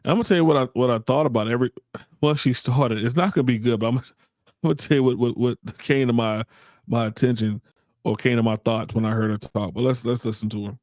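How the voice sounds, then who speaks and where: A man gives fired-up podcast commentary in a blunt, indignant tone, tripping over and repeating his words as he thinks. His voice sits at an ordinary middle pitch. The sound is dry and close, with no room echo. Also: fairly even intonation, quick pace, a little mellow. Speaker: podcast host. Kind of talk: opinion commentary.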